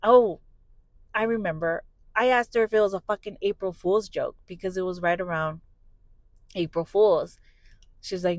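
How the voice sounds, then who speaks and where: A woman's voice: lowish voice, fairly even intonation, normal speed, dry recording, rough recording. A young adult woman hosting a podcast, candidly telling a personal story, swearing freely and acting out what people said. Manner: candid, swears freely, acts out quoted dialogue. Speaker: podcast host.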